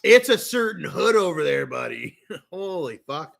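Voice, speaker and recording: A man's voice: a little high, big pitch swings, measured pace, creaky, fairly bright tone. A man with a Canadian accent telling a long, rambling story in a casual rant, swearing often and talking with a lot of animation. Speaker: streamer.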